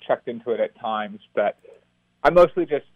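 A man's voice: medium pitch, expressive, normal speed, dry recording. Upbeat young man on a tinny phone line. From United States. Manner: upbeat, laughs easily. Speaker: professional triathlete guest. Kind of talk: phone-in interview.

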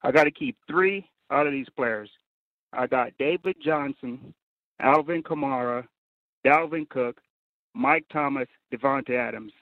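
A man's voice: mid-range voice, animated, a little slow, vocal fry, dry recording, phone-quality sound. A man calling in to a fantasy football radio show, friendly and casual. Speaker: caller. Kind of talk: call-in question.

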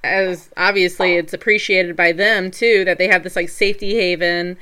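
A woman's voice: lowish voice, fairly even intonation, normal speed, sharp tone. A woman hosting a casual interview, giving short supportive replies to her guest. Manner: supportive, brief affirmations. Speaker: host.

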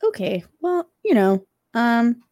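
A woman co-hosting a casual podcast chat, chatty and quick to laugh, swearing casually as she tells stories. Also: a little high, very animated, dark tone, no echo.

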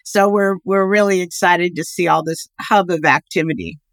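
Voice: mid-range voice, steady tone, normal speed, a bit bright, dry recording. An expert guest giving long, rambling interview answers with many fillers and restarts.

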